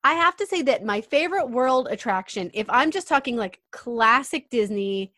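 A woman co-hosting a podcast, chatting casually in a giggly, animated way. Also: a little high, moderate pace, no room sound, studio quality. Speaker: podcast co-host. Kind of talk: casual chat.

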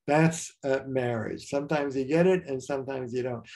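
Older male therapist, mellow dark timbre, blunt storyteller, chatty interview guest. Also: a little high, fairly even intonation, moderate pace, gravelly, hardly any pauses. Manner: frank, storytelling, frequent restarts and fillers. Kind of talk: casual interview talk.

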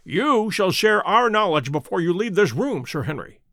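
A man's voice: high voice, sing-song, normal speed, pushed and bright, dry recording, heavily acted. A man reading as a keen, self-assured detective. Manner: crisp, precise and pleased with himself. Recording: dry close audiobook recording.

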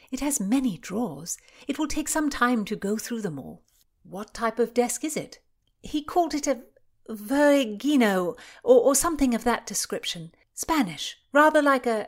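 An earnest young noblewoman from a historical storybook, voiced by a woman reading aloud. She pleads and frets in a lifted, higher voice, lively and quick to protest. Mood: eager.

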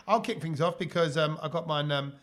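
A man's voice: a little high, a little fast, fairly bright tone. A man hosting a podcast, chatting casually, telling stories and teasing his friends. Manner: storytelling, teasing, explains at length. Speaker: podcast host. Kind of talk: casual chat.

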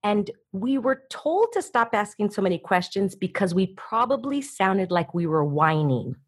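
A husky-voiced woman speaks with energy as a coaching guest in an interview. She explains her ideas eagerly and keeps the talk moving. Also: mid-range voice, moderate pace. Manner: energetic, acts out voices in quotes.

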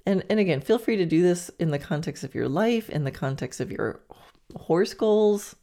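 Gravelly-voiced woman coaching listeners. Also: lowish voice, expressive, warm tone. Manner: encouraging, chatty, with quick laughs and playful asides. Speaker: podcast host. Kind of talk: coaching monologue.

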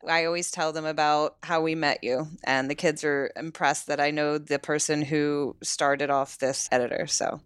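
A teacher co-hosting a podcast, chatting in a giggly, animated way. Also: female voice, low-pitched, normal speed, hardly any pauses, clean tone, no room sound, clean studio sound. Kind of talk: casual podcast chat.

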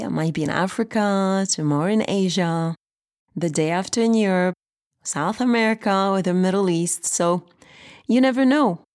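A woman with a medium-pitched, darkish voice and a slight French accent hosts a faith podcast, sounding upbeat and encouraging. She grew up in France and French is her first language.

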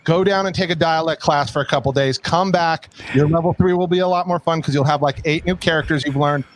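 A man's voice: fairly high pitch, brisk. A man co-hosting a podcast in casual chat, rambling with many restarts. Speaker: podcast co-host.

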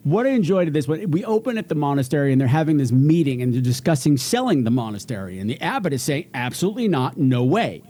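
A man's voice: on the high side, sing-song, quick pace, few pauses, warm tone, slightly rough. A man co-hosting a casual podcast, joking while recapping a plot. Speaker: podcast co-host. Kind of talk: casual chat.

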